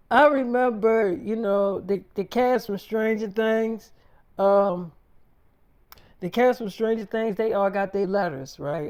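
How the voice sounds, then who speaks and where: A man's voice: high-pitched, darkish tone, smooth. A man telling a long story in a rambling, profane, casual way, repeating himself and quoting others as he goes.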